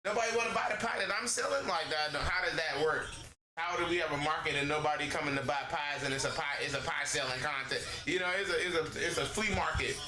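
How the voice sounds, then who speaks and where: A man's voice: on the high side, steady tone, fairly quick, a crowd in the background. A man gaming on stream and ranting casually, rambling and swearing with heavy slang. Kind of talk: casual rant while gaming. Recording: echoey room with noise.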